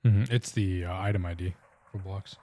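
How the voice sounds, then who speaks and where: A man's voice: sits low, fairly even intonation, moderate pace, mellow. A man with an Indian accent streaming a game, explaining plans in a rambling, casual way. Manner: rambling, restarts sentences while explaining plans. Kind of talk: casual live-stream chat.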